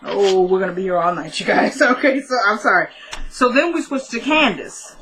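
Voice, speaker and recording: A woman talks through a TV episode recap in a loose, chatty way. She gets excitable and emotional as she retells the scenes. Her voice is bright. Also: mid-range voice, moderate pace, a little hiss or hum, low-quality recording. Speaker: TV recap vlogger.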